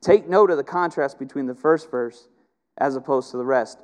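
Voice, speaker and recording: A middle-aged man preaching a sermon with passion, rising to loud emphatic peaks and dropping to quiet, intimate stretches. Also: medium pitch, moderate pace. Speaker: pastor.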